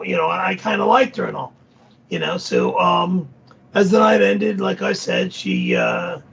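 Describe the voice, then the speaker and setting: A man voicing a laid-back surfer dude who rambles and stammers, with a gravelly, husky voice. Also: very high-pitched, lo-fi sound, a little hiss or hum. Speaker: show regular.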